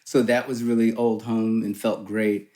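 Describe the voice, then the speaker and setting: A middle-aged man telling showbiz stories in casual chat as a podcast guest, lively and acting out the people he quotes. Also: on the low side, normal speed. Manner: animated storyteller, acts out quoted people. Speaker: guest actor.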